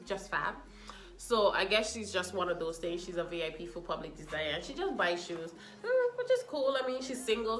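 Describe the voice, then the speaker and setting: A woman's voice: medium pitch, reverberant. A woman giving a casual, sassy review of a reality show, talking straight to the people on it. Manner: animated, sassy, talks to the cast directly.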